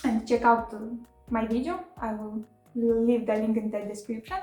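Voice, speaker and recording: A woman's voice: fairly high pitch, level tone, moderate pace, darkish tone, reverberant, soft background music, low-quality recording. A woman with chatting casually in a book haul video, emotional and laughing often with many fillers. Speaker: book vlogger.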